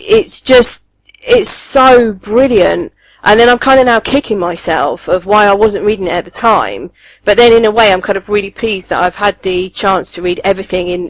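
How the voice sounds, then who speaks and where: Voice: mid-range voice, low-quality recording. A podcast co-host, chatting casually and eagerly, with many ums and restarts. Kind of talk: casual chat reviewing comics.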